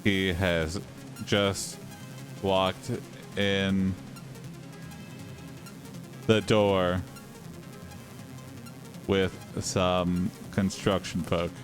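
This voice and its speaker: Host, man, low voice, very slow drawn-out dictation with fillers. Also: little pitch movement, over music. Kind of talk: improvised comedy story narration.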